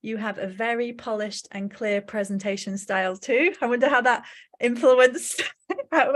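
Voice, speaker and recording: A woman with an English Midlands accent hosting a live online event, chatting and reading out audience comments with frequent laughs. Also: mid-range voice. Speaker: host.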